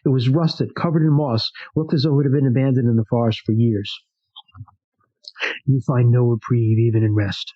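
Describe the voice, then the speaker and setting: A man hosting a show in which he plays a solo tabletop horror adventure, reading it aloud with animated asides and casual swearing. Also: medium pitch, moderate pace, no room sound, dull audio. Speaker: host playing a solo tabletop game.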